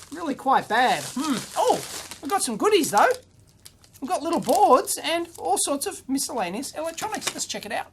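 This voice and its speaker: An Australian man hosting an electronics video unboxes his mailbag casually and hands-on. With a very high-pitched voice, he chats eagerly and lets out quick exclamations.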